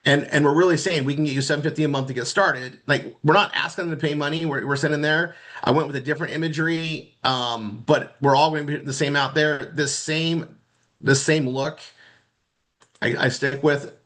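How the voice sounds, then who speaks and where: A man's voice: fairly high pitch, steady tone, a bit bright. Rambling man giving a casual screen walkthrough. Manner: rambling, halting, repeats words while clicking around. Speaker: marketing instructor.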